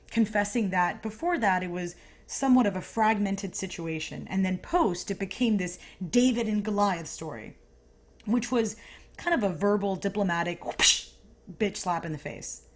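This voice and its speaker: Female podcast host, mid-pitched, casual storyteller with punchy asides. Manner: conversational, emphatic, with asides.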